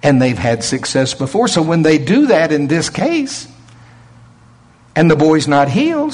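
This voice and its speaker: A man's voice: on the high side, sing-song, unhurried, a little mellow. A man preaching a sermon, emphatic and chuckling often.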